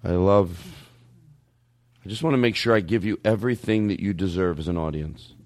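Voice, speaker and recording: A man's voice: low voice, moderate pace, a little mellow. A man hosting a live comedy show on stage, talking in a playful, mock-sincere way. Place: theater stage with a live audience.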